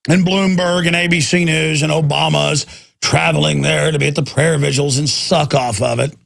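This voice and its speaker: A man's voice: a little high, steady tone, moderate pace, gravelly, fairly bright tone. A man hosting a talk radio show, ranting intensely in a combative political monologue.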